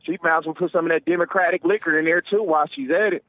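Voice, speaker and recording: A man calls in over a tinny phone line, his voice a touch higher than most. He rambles in a slangy, teasing way, full of playful nicknames. The sound is dry and close. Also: steady tone, very fast, no room sound. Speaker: caller. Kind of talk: casual call-in chat.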